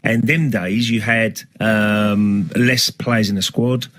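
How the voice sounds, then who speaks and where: A man's voice: on the low side, steady tone, slow pace, a bit bright, a little hiss or hum. Chatty man telling football stories. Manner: chatty storyteller, laughs between stories. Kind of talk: casual anecdote telling.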